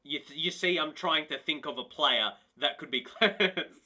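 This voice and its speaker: A man with a fairly high voice, speaking at normal speed, live-streams a football management game in casual commentary. Excitable, he chats with viewers, laughs and exclaims in disbelief.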